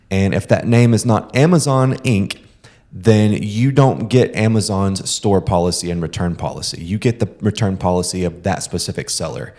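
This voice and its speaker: Deep, mellow-voiced young man. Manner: explains tips to listeners, frequent "um". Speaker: podcast co-host. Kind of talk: casual podcast chat.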